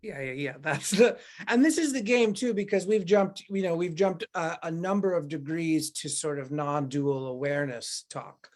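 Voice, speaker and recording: A woman's voice: low voice, moderate pace, few pauses, a little mellow. A woman in casual podcast conversation, talking in a meandering, reflective way and acting out inner voices.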